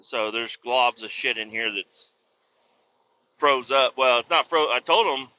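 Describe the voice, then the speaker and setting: A man's voice: medium pitch, unhurried, pushed and bright. A truck driver venting in a profane, casual vlog monologue from his cab. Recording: dull lo-fi audio with faint road noise.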